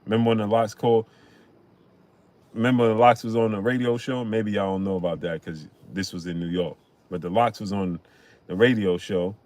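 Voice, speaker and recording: A man hosting a casual boxing live stream, greeting viewers by name and chatting in an animated way. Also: fairly low pitch, brisk. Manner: shouts out chat names, chatty and animated.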